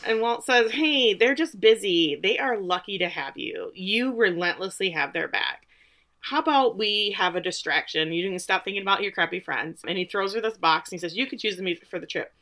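Bright-voiced woman recapping animatedly. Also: medium pitch, brisk. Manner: animated storytelling, acting out characters' lines. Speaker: podcast co-host. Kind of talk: casual TV episode recap.

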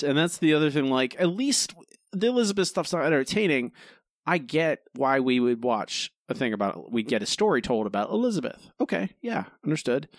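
A man's voice: on the high side, dry recording, clean studio sound. A man with a Philadelphia accent co-hosting a casual podcast, ranting in an exasperated way. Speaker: podcast co-host.

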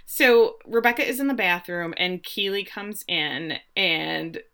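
A woman's voice: lowish voice, measured pace, smooth. A woman in her forties hosting a casual podcast, animatedly recapping a TV episode and laughing often as she retells scenes. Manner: animated storyteller who laughs often and briefly voices characters.

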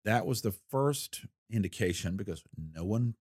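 An older man and former investigator telling a case story in a folksy, unhurried way with a wry edge. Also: lowish voice, expressive, darkish tone, breathy edge, dry recording, clean studio sound. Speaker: retired federal investigator recounting a case. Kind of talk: storytelling interview.

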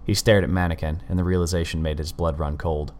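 Deep guy reading a story out, steady measured pace. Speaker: narrator. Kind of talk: scripted narration of a story.

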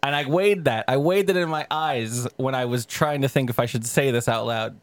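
A young man co-hosting a podcast, telling a story in casual, profane chat with sudden pitch jumps. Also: moderate pace, dry recording. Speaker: podcast co-host.

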